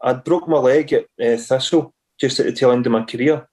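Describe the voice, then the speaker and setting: A man's voice: mid-range voice, a little fast, a little mellow. Scottish man, forties, chatty guest, loose anecdotal delivery. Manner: rambling anecdotes with many restarts and acted quotes. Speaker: guest, former footballer. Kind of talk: casual storytelling.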